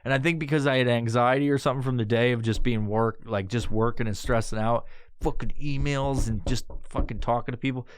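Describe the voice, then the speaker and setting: A man in his thirties, a podcast host, telling a rambling, profane story in casual talk and breaking into loud high-pitched voices when he quotes someone. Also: fairly even intonation, a little fast, clean tone, no echo.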